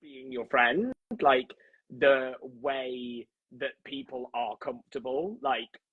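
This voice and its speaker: A man's voice: medium pitch, steady tone, takes it slowly, husky, no room sound, phone-quality sound. Gushing, chatty man, dry close sound. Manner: chatty, gushing, full of fillers like "like" and "do you know what I mean". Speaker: guest. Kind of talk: casual live chat.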